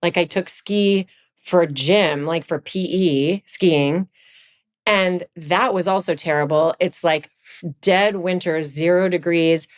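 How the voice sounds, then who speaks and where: A middle-aged woman from Virginia, a podcast guest, chatting casually and telling animated stories, leaping up in pitch for quoted lines. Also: slow. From Virginia, USA. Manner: animated storyteller, jumps high for quoted lines. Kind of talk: casual chat.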